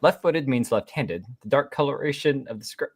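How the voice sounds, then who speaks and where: A man reading an android who plays a prim detective, with crisp, clipped deductive delivery at a live table read. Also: medium pitch, normal speed. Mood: deducing.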